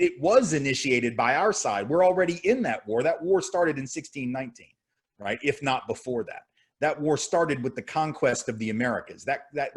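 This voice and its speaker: Husky-voiced guy in his 50s giving a fired-up talk on a video call, keeps tossing in "right?". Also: mid-range voice. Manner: impassioned, rhetorical, repeats "right?". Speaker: guest speaker. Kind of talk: lecture answering audience questions.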